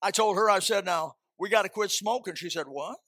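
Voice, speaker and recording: A man preaching a sermon with fervent, folksy storytelling and repeated phrases, often climbing into high, loud outbursts. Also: brisk, no echo, clean studio sound.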